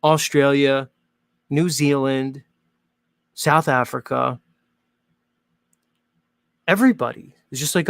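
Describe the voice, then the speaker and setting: A man hosts his show in a casual, joking monologue, wandering from thought to thought with plenty of fillers. His voice has a gravelly, fry-tinged texture. The sound is dry and close, with no room echo. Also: medium pitch, slow, pauses often. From Northern Hemisphere. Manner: chatty, rambling, jokey, many "like" fillers. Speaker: host.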